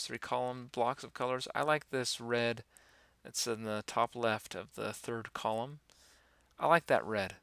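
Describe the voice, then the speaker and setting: A man giving a relaxed, rambling software tutorial, talking through each step with many fillers. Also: medium pitch, gravelly, clear, resonant tone, dry recording. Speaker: animation instructor. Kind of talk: screen-recorded software tutorial.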